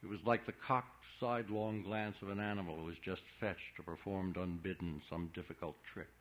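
A man narrating a literary audiobook in a measured, subdued reading. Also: deep voice, steady tone. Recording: dull lo-fi recording.

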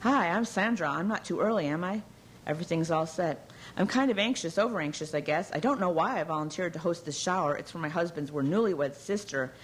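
A woman's voice: lowish voice, a little fast, slight background noise, close to an everyday voice. A woman voicing a nervous, fashion-conscious young newlywed hostess who chatters and pries. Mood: anxious.

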